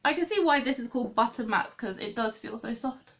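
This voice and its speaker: A woman's voice: a little high, animated, brisk, a bit bright. A woman chatting through a makeup tutorial, thinking aloud and correcting herself as she goes. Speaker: beauty vlogger.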